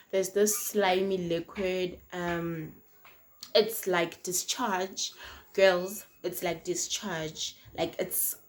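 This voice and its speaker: A young South African woman telling a casual storytime on her vlog, animated and slangy, swinging between loud and hushed. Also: on the low side. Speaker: vlogger. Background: faint noise from outside.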